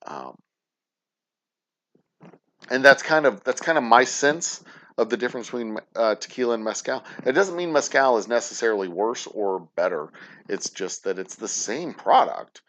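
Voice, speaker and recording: A man's voice: mid-range voice, animated, moderate pace, a bit bright. A man hosting a casual livestream chat, rambling, profane and self-deprecating. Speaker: distillery show host.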